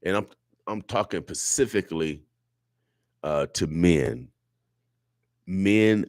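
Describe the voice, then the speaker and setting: A very deep-voiced man hosts a radio show and speaks in an impassioned, preachy way, circling back and repeating his points. His voice is recorded dry and close in a studio, with no room sound. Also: slow pace, long pauses, a little mellow, no room sound. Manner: preachy, repetitive, emotional. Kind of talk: impassioned talk radio monologue.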